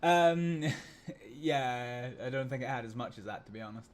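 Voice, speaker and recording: A young Scottish man with a mid-range voice speaks at normal speed while hosting a train simulator livestream. His casual gaming commentary rambles through anecdotes, packed with swearing, filler words, and laughter.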